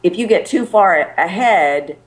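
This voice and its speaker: A middle-aged woman, a presentation skills coach, giving animated and emphatic advice as a guest on a show. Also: lowish voice, measured pace. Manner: animated, emphatic, demonstrates pace with her voice.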